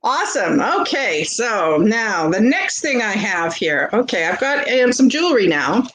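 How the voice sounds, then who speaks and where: A woman with a Canadian accent, hosting a live vintage sale and chatting warmly with viewers as she shows jewelry. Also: mid-range voice, sing-song, measured pace, low-quality recording. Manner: chatty and gushing, greets viewers by name. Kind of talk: casual live-stream selling.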